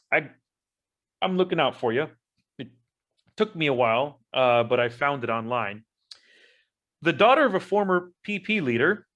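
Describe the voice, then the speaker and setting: A male podcast host in loose, irreverent chat, tossing in crude jokes and short laughs. His voice sits at an ordinary middle pitch. He stumbles into restarts as he reads an article aloud. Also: fairly bright tone.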